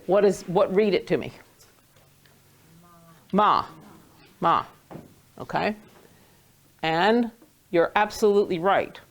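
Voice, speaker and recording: A woman's voice: fairly low pitch, expressive, lo-fi sound. A woman teaching a Hebrew reading lesson to a small class, patient and playful, stretching out key words. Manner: patient, playful, drawn-out words when stressing.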